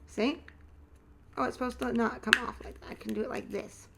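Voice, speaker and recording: Chatty woman vlogger, slightly high voice. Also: brisk, creaky, very noisy. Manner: chatty, thinks aloud, excited squeals. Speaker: nail art vlogger. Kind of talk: casual unboxing and nail tutorial chat.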